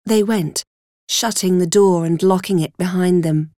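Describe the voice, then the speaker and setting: Woman audiobook narrator, first person; slow, measured, dry close recording. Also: fairly low pitch, warm tone, no echo. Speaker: audiobook reader.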